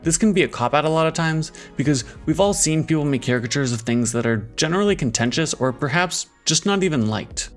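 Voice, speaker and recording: Measured male video-essay narrator. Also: on the high side, lively intonation, faint music behind. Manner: measured, analytical. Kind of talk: scripted narration.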